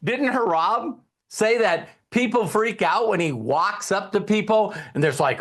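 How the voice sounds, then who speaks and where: Animated high-voiced middle-aged man trainer. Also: a little slow, few pauses. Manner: animated, emphatic, acts out quoted dialogue; addresses the audience directly with repeated questions. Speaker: network marketing trainer. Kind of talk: motivational seminar talk.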